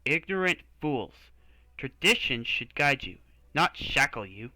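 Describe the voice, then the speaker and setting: A man's voice: mid-range voice, normal speed, bright, forceful tone, no echo, rough recording. A man voicing a frustrated, blunt male temple knight while reading game dialogue aloud. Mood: angry. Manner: exasperated, blunt.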